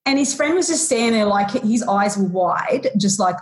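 Her mid-range voice animated, a woman in her forties, a guest on a podcast, recounts a painful personal story haltingly and emotionally, starting over often. Whenever she acts out what people said, her voice rises.

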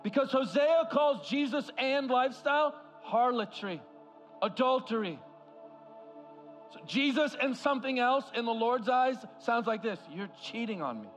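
Impassioned high-voiced male preacher. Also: a little slow, soft background music. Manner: impassioned preaching, swings from loud to hushed. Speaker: guest preacher. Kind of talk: sermon. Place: large church hall.

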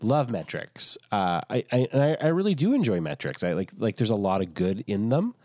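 A man co-hosting a casual faith podcast, playful and quick to joke. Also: fairly low pitch, big pitch swings, a little mellow, dry recording, clean studio sound. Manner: playful, jokey, jumps into silly voices. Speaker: podcast co-host.

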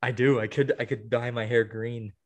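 A man's voice: mid-range voice, fairly even intonation, moderate pace. A young man co-hosting a podcast, venting in a rambling, exasperated way with many restarts. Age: young adult. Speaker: podcast co-host. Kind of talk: casual chat.

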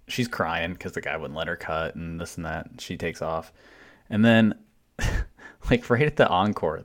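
A man with a very low voice tells a story on a podcast, blunt and loose, dropping swear words without a second thought. The delivery is relaxed, conversational and unpolished. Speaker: podcast co-host. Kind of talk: casual profane storytelling.

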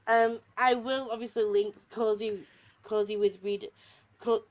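A woman's voice: a little high, fairly even intonation, a little slow. A woman hosting a podcast in casual chat, giggly and rambling. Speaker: podcast host.

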